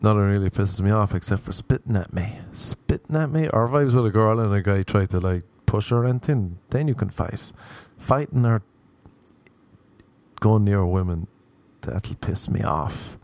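A young man with an Irish accent spins a crude, rambling story in a deadpan delivery. His voice sits on the low side and sounds dry and close, with little room around it. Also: moderate pace, no room sound. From Ireland. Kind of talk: storytelling monologue.

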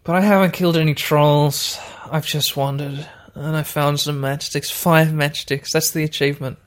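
A man's voice: on the high side, fairly even intonation, moderate pace. A man talks through a text adventure on his own podcast. He rambles and mocks himself, and he keeps addressing his listeners directly. It sounds like a home podcast recording. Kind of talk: casual let's-play commentary.

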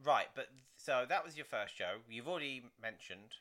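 A man co-hosting a podcast, teasing his co-host with quick interjections. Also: medium pitch, lively intonation, sharp tone. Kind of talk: casual chat.

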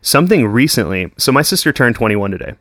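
A man's voice: mid-range voice, very animated, fast, a bit bright, no room sound. Dude in his 20s rambling, lots of like and cussing, dry close sound. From Texas. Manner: swears constantly, says "like" and "dude" a lot. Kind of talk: casual chat.

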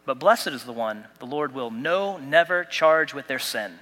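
A man's voice: mid-range voice, expressive, moderate pace, pushed and bright, in a large hall. A man pastor delivering a sermon, preaching with emphatic repetition and light humor. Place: church sanctuary.

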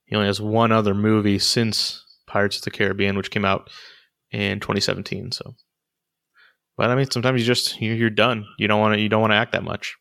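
A man casually rambles through movie opinions, his voice sitting a little low yet bright and forceful in tone. He leans on fillers and restarts as he thinks aloud, in easy conversation with a co-host. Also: flat delivery, fairly quick, vocal fry. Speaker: podcast co-host reviewing movies. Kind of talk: casual chat.

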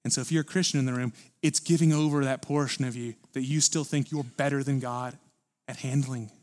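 A man preaching a sermon at a church service, earnest and building to forceful emphasis. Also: medium pitch, fairly even intonation, brisk. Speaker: pastor.

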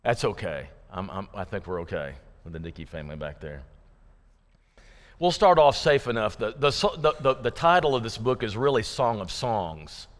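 A man's voice: fairly low pitch, sing-song, moderate pace. A man preaching a sermon in a folksy, joking, conversational way to his congregation in a church. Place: church sanctuary. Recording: long reverb of a church hall.

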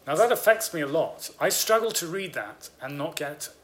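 A man's voice: on the high side, animated, normal speed, a bit bright. A man co-hosting a casual podcast about books, explaining his ideas at length with eager enthusiasm. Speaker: podcast co-host.

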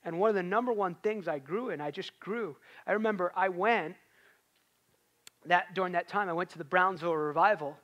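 A man's voice: sits high, a little fast, a bit bright, highs cut off. A man preaching a sermon in a conversational way, rising to emphatic peaks.

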